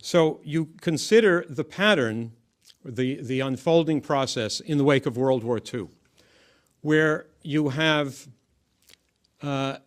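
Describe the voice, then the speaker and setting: Emphatic male political commentator. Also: on the high side. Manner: measured, emphatic delivery with frequent restarts.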